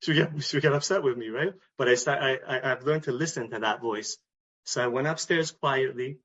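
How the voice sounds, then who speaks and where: A man with a Canadian English accent giving an earnest personal talk at a recovery meeting, repeating phrases and pausing to restart. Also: medium pitch, fairly bright tone. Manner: earnest, repetitive, with pauses and restarts. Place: meeting hall. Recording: dull lo-fi recording.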